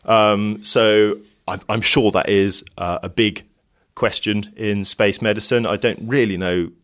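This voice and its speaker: Hesitant low-voiced man. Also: steady tone, a little slow. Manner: hesitant, full of fillers. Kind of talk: casual studio discussion.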